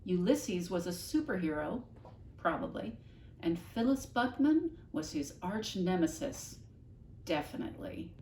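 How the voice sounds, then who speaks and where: A woman teacher reads a children's novel aloud to her class, expressive and pausing to explain hard words. Her voice sits on the low side and rings through an echoey room, heard from a distance over a faint room hum.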